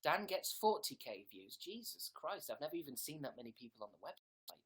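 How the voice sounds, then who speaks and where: Fairly high, sing-song, and brisk, his voice is a bit bright and husky. He's a young man livestreaming casually from a room in his house, joking and rambling as he reads comments and drops into whispered asides.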